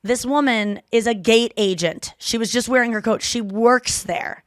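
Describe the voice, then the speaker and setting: A woman hosting a podcast, telling stories in casual chat with quick asides and self-corrections. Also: on the high side, dry recording, studio quality. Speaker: podcast host.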